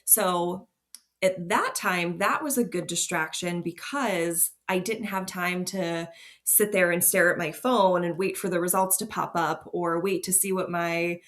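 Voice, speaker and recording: A woman's voice: on the low side, creaky. A woman, a fertility nurse guest on a podcast, telling her own story openly and with feeling. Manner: open, emotional storytelling with laughs. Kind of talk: candid podcast interview.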